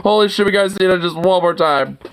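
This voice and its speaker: Fast-talking and smooth at a medium pitch, this US streamer riffs on viral clips in loose, foul-mouthed reactions, full of fillers and derisive laughs.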